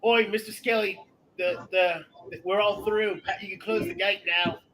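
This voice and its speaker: A man's voice: high-pitched, steady tone, moderate pace, pushed and bright, slight background noise, rough recording. A man playing a tabletop game, speaking in a cheeky, playful way in character. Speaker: player. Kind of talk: tabletop role-play chat.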